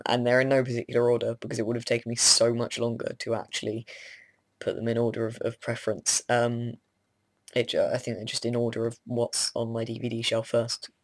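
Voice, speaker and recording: Young man vlogging, groggy and rambling, mid-pitch voice, dry close sound. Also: no room sound. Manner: rambling, hesitant with many ums, self-deprecating. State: groggy, just woken up. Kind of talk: casual rambling chat to camera.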